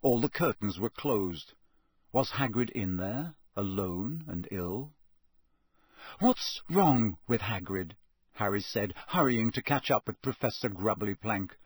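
A man reading a novel aloud as narrator, in a steady, measured storytelling voice that is slightly husky. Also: on the low side, no room sound, studio quality. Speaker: audiobook narrator.

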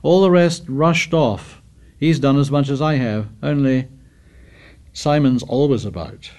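A man's voice: medium pitch, a little slow, darkish tone, natural voice. A man reading a fretful boy leader. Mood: troubled.

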